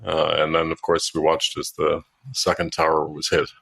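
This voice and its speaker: Low-voiced man, halting interview guest. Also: completely flat delivery, creaky, a bit bright, breathy edge, dry recording. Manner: halting, many fillers and restarts. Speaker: guest, author and former diplomat. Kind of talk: interview answers. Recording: dry sound, breaking up at times.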